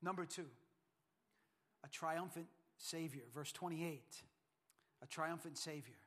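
A pastor preaching a sermon, emphatic and repetitive, swinging from hushed lines to loud ones. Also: male voice, on the high side, takes it slowly.

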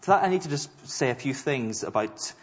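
A man preaching a sermon to a congregation, earnest and emphatic, leaning on slow stressed words. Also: medium pitch, expressive. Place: church hall. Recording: dull sound with long hall reverb.

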